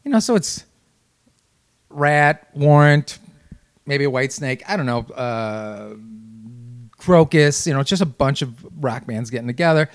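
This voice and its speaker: A man's voice: mid-range voice, animated, unhurried, long pauses. A man from the Chicago area telling a rambling, profane story in casual chat.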